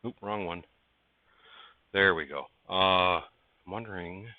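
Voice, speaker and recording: Guy streaming from his workshop, greets folks by name, kinda low voice, tinny phone-ish sound. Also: slow pace, no room sound. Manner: chatty, greets viewers by name, coaxes parts while working. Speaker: livestream host. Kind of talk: casual livestream chat while building. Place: workshop barn indoors.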